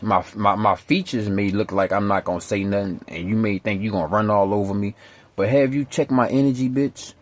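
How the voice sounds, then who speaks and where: A man's voice: fairly low pitch, fairly even intonation, brisk. A man vlogger telling a rambling story in casual street slang, profane and emphatic.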